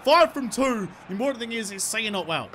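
A young man talks through a cricket game as he plays it. His voice sits high, and he swings between excitement and annoyance, swearing freely. A clear hiss of noise runs under the recording. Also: fairly quick. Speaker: gaming YouTuber. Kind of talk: gameplay commentary.

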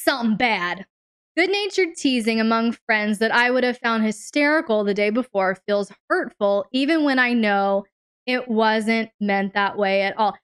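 A woman hosts a live advice stream, her voice smooth and resonant and pitched a little high. She leans hard into key words, stretching them out, and talks directly to her listeners. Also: a bit bright. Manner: emphatic, drawn-out stressed words, addresses listeners directly. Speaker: relationship advice host.

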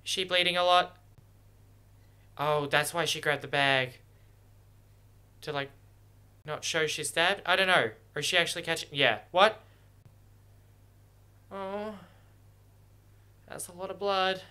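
A man's voice: on the high side, unhurried, long pauses, pushed and bright, smooth. A man thinking aloud as he watches a film for the first time, emotional and exclaiming. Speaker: movie reactor. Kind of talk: first-watch movie reaction commentary.

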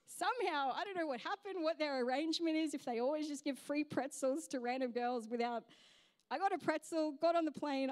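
A woman's voice: high-pitched, a little mellow, no room sound. A young woman pastor, preaching a sermon and telling a funny story. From Australia. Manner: storytelling, humorous, self-mocking. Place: church stage.

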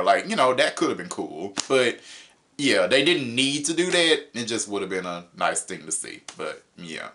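A young man reviewing an episode in a casual, animated way, laughing often and jumping up in pitch for emphasis. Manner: paraphrases characters in quick mock voices. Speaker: show reviewer.

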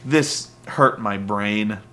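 A man's voice: lowish voice, extremely slow, sharp tone, slight background noise. A man giving a casual, sarcastic comedy recap of a wrestling show, ranting and poking fun. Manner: sarcastic, ranting, mocks wrestlers with silly voices.

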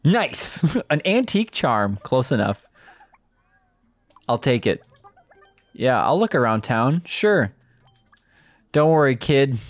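A woman giving casual gameplay commentary as a video game presenter, reacting aloud in an excitable way and laughing often. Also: very deep voice, slow, pauses often, no room sound.

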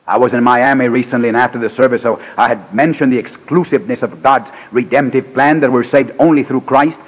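A man preaching a revival sermon in a church, emphatic, with sharp swings in pitch and loudness. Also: a little fast, husky. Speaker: evangelist preacher. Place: church sanctuary. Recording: archival church recording with long reverb.

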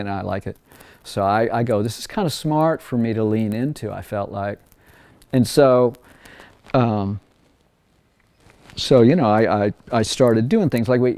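Warm-voiced man telling studio stories. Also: on the low side, dry recording. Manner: rambling, acts out past conversations in a raised voice. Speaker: record producer. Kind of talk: casual interview storytelling.

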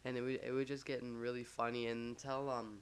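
Flat-voiced guy rambling through a story. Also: mid-range voice, a little fast, clean tone. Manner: rambling, filler-heavy, lots of "like"; joking, self-mocking. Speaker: vlogger telling a story. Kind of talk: casual storytime over gameplay.

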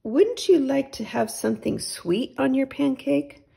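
A woman voicing a patient mother in a storybook, giving calm, practical instructions. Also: high-pitched, measured pace, vocal fry, voice pushed up, exaggerated voice.

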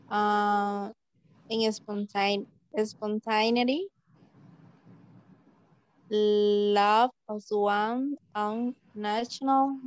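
A woman student reading a list aloud in class, halting and breaking words apart. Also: fairly high pitch, darkish tone, clean tone, dry recording.

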